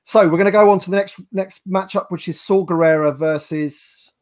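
Guy hosting a live chat, kinda high voice, lots of ums and restarts. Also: fairly even intonation, normal speed, darkish tone. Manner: hesitant, many ums and restarts. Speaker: livestream host. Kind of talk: casual panel chat.

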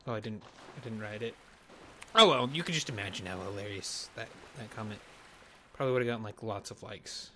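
A man's voice: fairly low pitch, a little fast, sharp tone, a little hiss or hum. A man giving jokey let's play commentary, rambling and muttering to himself as he plays. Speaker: gamer.

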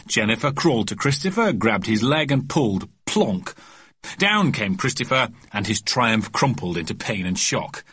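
A man narrating a children's storybook in a lively, expressive reading. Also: on the low side, normal speed, breathy edge. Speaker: audiobook narrator.

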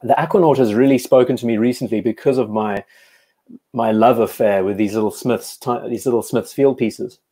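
A man's voice: mid-range voice, moderate pace, mellow. A South African man hosting a casual live stream, reading out viewer comments and chatting enthusiastically with frequent restarts.

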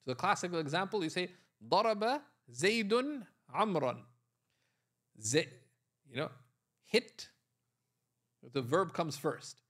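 A man with a high, very animated, rather bright voice speaks a little fast and pauses often while giving an Arabic grammar lecture. Explaining step by step, he repeatedly quizzes the class and checks understanding with "right?".

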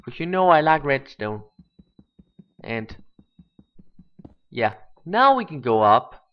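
A gaming channel host giving let's play commentary, thinking aloud and bursting into excited exclamations, on a dull lo-fi home mic. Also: mid-range voice, slow pace.

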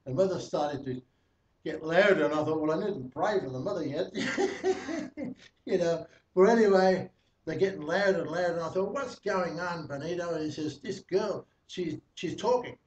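A man's voice: fairly high pitch, lively intonation, normal speed, darkish tone. A man preaching a testimony sermon, telling a story in a chatty way with many fillers and chuckles. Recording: echoey, distant, dull, slightly noisy.

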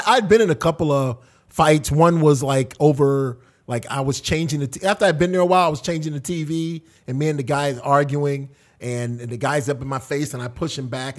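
A man telling his own story in casual chat, hesitant and correcting himself as he goes. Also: a little high. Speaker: co-host.

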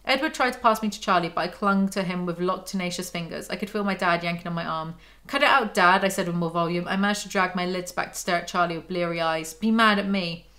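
A woman's voice: lowish voice, fairly even intonation, fast talker, hardly any pauses, fairly bright tone. A woman reviewing a novel, reading passages aloud and breaking off into sarcastic, exasperated commentary. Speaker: book reviewer.

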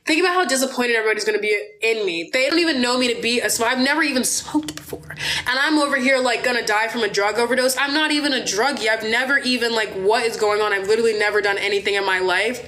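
A woman's voice: a little high, fast, bright, forceful tone. A young woman vlogger telling a dramatic, profanity-laced story on a livestream, with lots of fillers.

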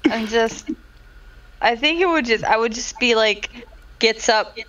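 A woman's voice: fairly high pitch, unhurried, a bit bright, dull audio. A young woman chatting on a podcast, amused and asking incredulous questions. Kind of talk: casual chat.

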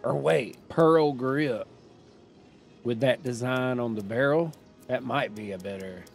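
A man's voice: medium pitch, slow pace, creaky, faint music behind. A man giving casual commentary while playing a video game, chatty and thinking aloud as he makes up his mind. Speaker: gaming streamer.

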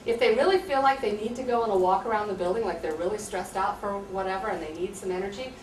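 An American high school teacher explains her classroom practice to visitors, speaking earnestly and conversationally and acting out exchanges with students. Her mid-range voice moves fast, picked up from a distance in an echoey room. A light hum runs beneath it.

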